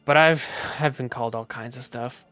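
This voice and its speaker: A man with a Southern US accent chatting casually on his stream, loose, profane and quick to laugh. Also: medium pitch, bright, forceful tone, no room sound. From Southern United States. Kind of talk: casual livestream chat.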